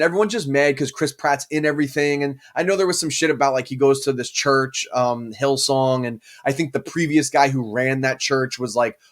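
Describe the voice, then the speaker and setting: A man co-hosting a fan podcast, talking in a casual, rambling and animated way, swearing freely. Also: mid-range voice. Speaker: podcast co-host. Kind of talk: casual chat.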